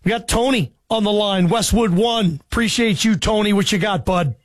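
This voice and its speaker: A man's voice: sits high, normal speed, dry recording. A man hosting a sports talk radio show, talking with callers and crew in a friendly, conversational way.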